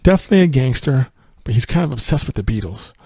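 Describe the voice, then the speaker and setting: A man's voice: mid-range voice, expressive, fast, darkish tone, slightly rough, no room sound, clean studio sound. A man hosting a podcast, casually retelling and reviewing a film in a rambling way. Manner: rambling, with fillers and laughs. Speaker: podcast host.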